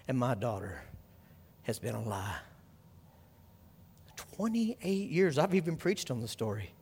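A man's voice: mid-range voice, breathy edge. Fervent preaching man in a reverberant hall. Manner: storytelling, dropping to a hush for sad parts, building to loud fervent preaching. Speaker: pastor. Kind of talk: sermon.

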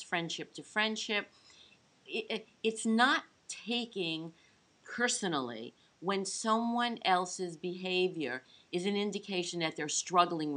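A woman hosting an interview, talking reflectively with halting restarts. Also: on the low side, sharp tone. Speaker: podcast host. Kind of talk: interview conversation.

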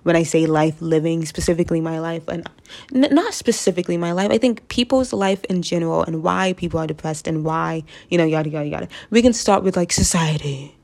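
A woman's voice: fairly low pitch, fairly quick, vocal fry, darkish tone. A woman from the United States talking casually to camera, rambling through her thoughts with frequent laughs and asides. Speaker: vlogger.

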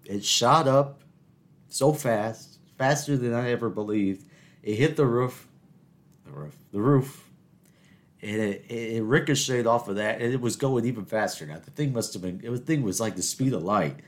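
A man's voice: mid-range voice, moderate pace. A young man in his twenties hosting a show, telling stories in a rambling, casual way, breaking off and restarting, and laughing at his own jokes. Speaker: podcast host. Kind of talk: casual solo storytelling.

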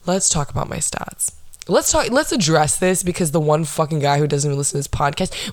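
A woman's voice: low voice, a little fast, no echo. A young woman hosting her own podcast, rambling in a dry, sarcastic, profane way. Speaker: podcast host. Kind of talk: casual solo podcast chat.

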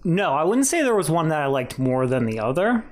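A man's voice: a little high, very animated, fairly quick. A young man co-hosting a podcast, giving candid, rambling opinions in casual chat. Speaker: podcast co-host.

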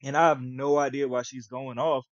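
A man's voice: fairly quick, dry recording. A young man co-hosting a podcast, telling a story in casual slangy chat and acting out the quotes. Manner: animated, acts out quotes with big pitch jumps, slangy. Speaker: podcast co-host. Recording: dull lo-fi podcast audio, dry.

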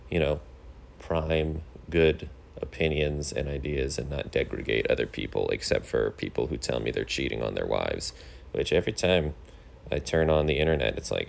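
A thirty-year-old man hosting his own podcast, rambling through a casual monologue in a deadpan, complaining way, with lots of fillers. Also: extremely low pitch, normal speed, creaky. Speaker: podcast host.

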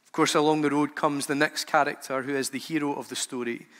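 A man's voice: a little high, steady tone, a little fast, fairly bright tone. A man preaching a sermon as a pastor, emphatic and repeating phrases for effect. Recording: long hall reverb.

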